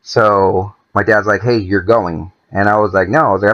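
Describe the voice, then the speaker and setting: Low-voiced man telling a casual story. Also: brisk, muffled recording. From California. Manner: swears freely, acts out quoted voices. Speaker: podcast guest.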